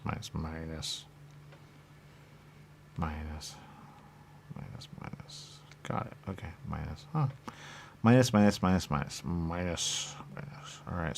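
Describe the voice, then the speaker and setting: A man's voice: low voice, gravelly, slight background noise. A man in a rambling, repetitive monologue, muttering questions and then answering them himself. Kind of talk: rambling stream-of-consciousness monologue.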